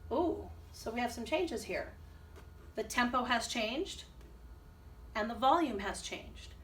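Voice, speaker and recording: A female music teacher leads children in a rhythm lesson, chanting rhythm syllables and encouraging the class in a slightly high, somewhat bright voice. The mic is distant, with faint background noise.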